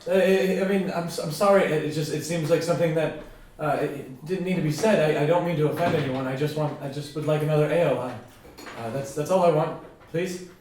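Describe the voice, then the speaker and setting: A man's voice: a little high, fast talker, a little mellow, a little hiss or hum, natural voice. A man voicing a timid, overly polite young human in a wheelchair, who stammers and apologizes constantly. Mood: apologetic. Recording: echoey room, voice far from the mic.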